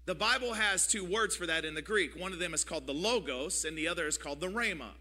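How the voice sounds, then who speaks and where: Bright-voiced preaching pastor, a man. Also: animated, fast. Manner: calls for audience response, repetitive preaching cadence; builds to louder, higher passionate preaching. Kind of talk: sermon.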